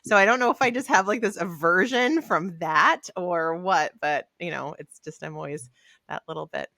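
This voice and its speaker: A woman co-hosting a podcast, telling stories in an animated, casual way with lots of "like.". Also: lowish voice, moderate pace, no room sound, studio quality. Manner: storytelling, animated, says "like" a lot. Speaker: podcast co-host. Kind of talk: casual chat.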